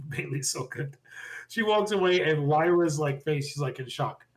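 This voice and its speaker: A man co-hosting a podcast, casually recapping wrestling shows with animated opinions. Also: a little high, low-quality recording. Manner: animated, quick recapping with impressions of quotes. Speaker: podcast co-host.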